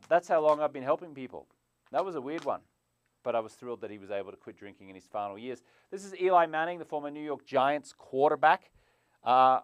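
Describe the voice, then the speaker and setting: A man hosting a live stream as a sobriety coach, animated, jumping from loud bursts to quiet asides, on a clip-on mic indoors. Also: mid-range voice, smooth. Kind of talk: energetic live stream pitch. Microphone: clip-on lapel mic.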